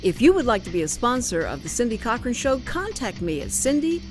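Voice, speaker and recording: A woman's voice: on the high side, very animated, brisk, music in the background. A woman hosting a talk radio show, chatting animatedly and laughing often.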